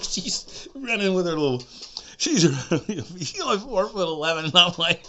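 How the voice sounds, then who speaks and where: Older man telling a lively story. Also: high-pitched, moderate pace. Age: 60s. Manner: animated, swings from shouting to whispering. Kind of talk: personal story monologue. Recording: dull lo-fi recording with faint noise.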